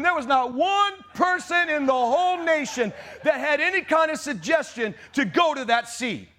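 Fiery high-voiced male preacher. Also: animated, normal speed. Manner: fiery, shouting, rising to outrage. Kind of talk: charismatic sermon.

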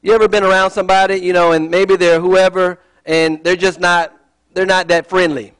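A man's voice: high voice, flat delivery, normal speed, fairly bright tone, smooth, poor audio. Chatty man teaching a sermon. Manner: chatty and digressive, with joking asides. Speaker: Bible teacher.

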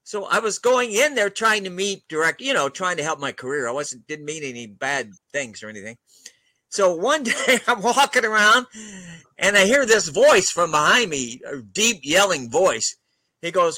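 An older man tells stories as an interview guest. He chuckles often and keeps a relaxed, anecdotal flow. His voice is high and bright, and the recording is dry and close. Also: moderate pace, dry recording, low-quality recording. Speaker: guest author.

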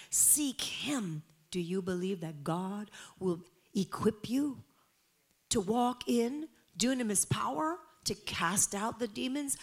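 Passionate woman preacher, fairly high voice. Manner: passionate, swings from hushed to emphatic. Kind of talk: sermon.

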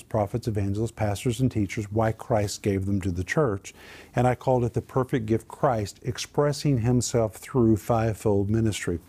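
With a husky, mid-pitched voice, a man who works as a Christian minister and author recounts his own testimony. He's an earnest storyteller who brings real animation to it.

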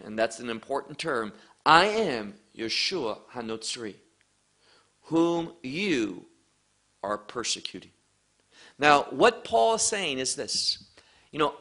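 A man preaching a sermon, teaching from scripture with slow, emphatic phrasing. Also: medium pitch, sing-song, bright, forceful tone.

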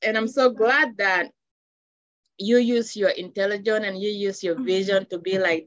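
A woman from Africa, a children's book author, speaking in a heartfelt, halting way with many restarts in an interview. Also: mid-range voice, fairly even intonation, a bit bright, dry recording. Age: adult with children. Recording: dull dry lo-fi sound.

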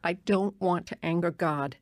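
A woman playing a gentle, worried mother. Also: on the low side, unhurried, no echo, studio quality, natural voice. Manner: soft, pleading. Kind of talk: radio drama acting.

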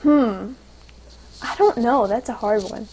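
Chatty high-voiced teenage girl. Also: slow, slightly rough. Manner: chatty, filler-heavy, excitable storytelling. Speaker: guest, young singer and actress. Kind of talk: casual interview chat.

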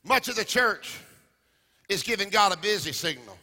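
A man preaching a sermon, chanting in a sing-song rhythm and shouting at the peaks, in a large church. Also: high-pitched, animated, normal speed. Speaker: pastor. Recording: church hall reverb with music.

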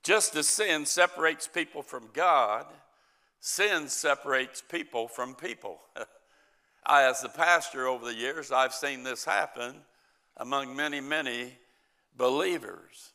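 Gravelly, bright-voiced male pastor preaching slowly. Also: mid-range voice. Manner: storytelling preacher, acts out the characters' lines. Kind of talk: sermon.

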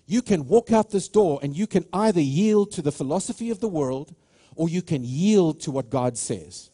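A male pastor preaches with fervent emphasis, pressing each point and stumbling into restarts as he builds. His mellow, darkish voice swings widely in pitch, sitting a touch high. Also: lively intonation, normal speed, husky. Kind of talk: sermon.

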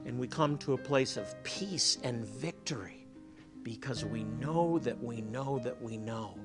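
A man preaching a sermon, telling stories and dropping to a soft hush for emphasis. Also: mid-range voice, measured pace. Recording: faint music behind.

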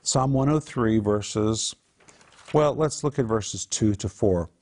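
A man's voice: lowish voice, a little slow, a little mellow, husky. A man hosting a Christian program, teaching from the Psalms in an earnest, emphatic conversational way. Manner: earnest, emphatic, builds to raised exhortation. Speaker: Bible teacher and program host.

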